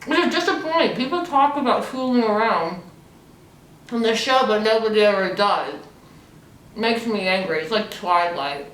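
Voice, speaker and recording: A woman's voice: mid-range voice, animated, moderate pace, a bit bright, a little hiss or hum. A young woman with her mouth stuffed with marshmallows, recapping a TV episode in a rambling, blunt, swearing way. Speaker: host. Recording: echoey room, distant mic.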